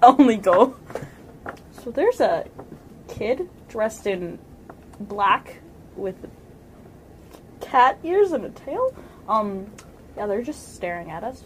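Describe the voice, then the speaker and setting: A woman playing a tabletop game, excitable and giggly as she chats with friends. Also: on the high side, slow pace, pauses often, slight background noise. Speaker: player. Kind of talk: casual tabletop game chat.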